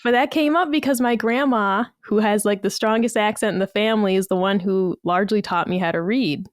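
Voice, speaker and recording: A woman with a Massachusetts accent, talking through stories on a podcast in an easy, chatty way and acting out what others said. Her voice sits at an ordinary middle pitch. The sound is dry, with no room echo. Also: fairly quick. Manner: chatty storytelling, quotes people in lively asides. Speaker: podcast co-host. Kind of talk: casual podcast chat.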